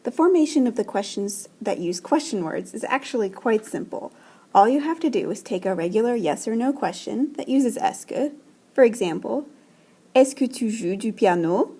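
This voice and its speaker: A woman teacher recording a voice-over French lesson, explaining in English slowly and carefully and modelling French phrases aloud. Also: on the high side, expressive, warm tone, slightly rough. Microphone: screen-recording voice-over.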